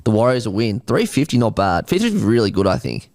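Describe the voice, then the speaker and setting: An Australian man chatting as a podcast guest, talking in a rambling, animated way. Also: fairly low pitch, quick pace. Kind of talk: casual chat.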